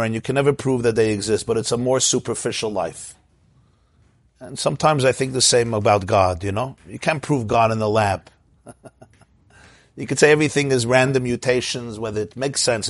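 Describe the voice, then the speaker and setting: A man's voice: medium pitch, no echo. A man teaching an informal Torah class, telling stories, asking his listeners questions and chanting Hebrew verses.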